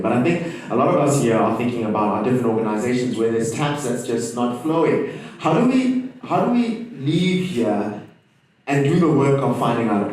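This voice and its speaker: Moderator's voice echoing in a hall. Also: male voice, mid-range voice, darkish tone, far from the mic. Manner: conversational, asks long searching questions. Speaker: panel moderator. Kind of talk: panel discussion. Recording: echoey hall, voice from off the mic.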